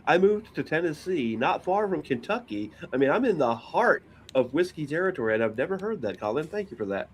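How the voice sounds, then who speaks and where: Male panelist, expressive wry delivery, light ambient hiss. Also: fairly high pitch, fairly quick, few pauses. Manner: animated, wry, self-deprecating. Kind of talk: casual group chat. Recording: faint ambient noise.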